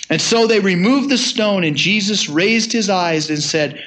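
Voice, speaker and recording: An older man preaching a sermon, reading scripture aloud in measured tones and then retelling it casually with chuckles. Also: sits high, a bit bright. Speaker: pastor.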